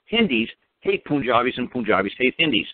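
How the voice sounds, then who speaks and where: Calling in as a guest on a radio show, a man tells a story bluntly and emphatically, swearing heavily in a commanding way. His mid-range voice is very animated and fairly quick, carried over a dry, tinny phone line with no echo.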